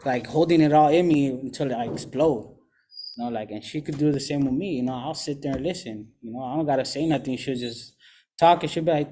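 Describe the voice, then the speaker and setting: A man's voice: fairly high pitch, fast talker, dark tone, slight background noise. A young man talking casually and candidly about his recovery, in rambling slangy speech full of "you know". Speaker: recovering addict sharing his story.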